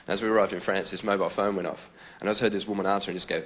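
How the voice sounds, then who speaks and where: A man with an Australian accent doing stand-up comedy in a lively, chatty storytelling way. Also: low-pitched, very fast.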